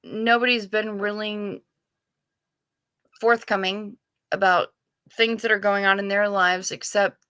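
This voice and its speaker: A woman's voice: lowish voice, bright, forceful tone, clean tone, no room sound. A middle-aged woman hosting a casual livestream, chatting with viewers in a wry, self-deprecating way. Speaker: livestream host. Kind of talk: casual livestream chat reading chat.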